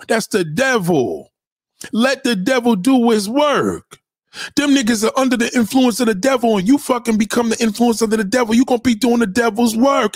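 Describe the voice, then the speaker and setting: Husky, high-voiced man ranting on stream. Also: dry recording, studio quality. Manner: preachy, confrontational, swearing. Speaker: livestream host. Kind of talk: profane livestream rant.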